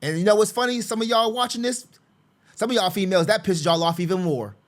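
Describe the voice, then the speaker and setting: A man's voice: high-pitched, quick pace. A man talking through his court papers in a casual walkthrough, repeating himself, sarcastic and exasperated. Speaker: father representing himself in a custody case. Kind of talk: casual screen-share walkthrough.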